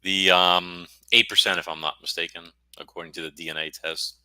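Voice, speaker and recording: A middle-aged American man with a very deep voice and a sharp, forceful tone. He rambles and cracks self-deprecating jokes as a podcast guest. The sound is dry and close. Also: flat delivery, brisk, clean tone, dry recording. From United States. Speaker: guest author. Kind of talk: casual podcast interview.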